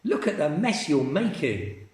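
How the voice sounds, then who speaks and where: A man's voice: on the high side, sing-song, unhurried, a little mellow, echoey room. Man doing an anxious young boy. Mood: worried.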